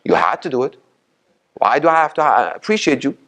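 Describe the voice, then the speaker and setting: A man's voice: mid-range voice, very animated, a little fast, fairly bright tone. A sheikh preaching a Ramadan sermon in a community mosque hall. He makes his points emphatically and repeats them, asks the audience questions, and recites Arabic sayings before he explains them. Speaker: sheikh giving a Ramadan lecture.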